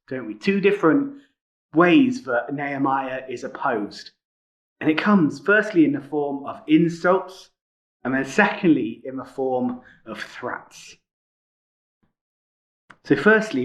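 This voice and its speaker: A man preaching a sermon in a conversational way, often adding tag questions such as "isn't it?". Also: mid-range voice. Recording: muffled lo-fi recording.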